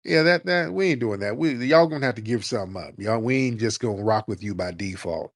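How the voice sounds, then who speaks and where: A man's voice: fairly low pitch, animated, a little fast, dry recording, studio quality. A man hosting a live call-in show, giving blunt, combative political commentary in slangy speech. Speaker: host.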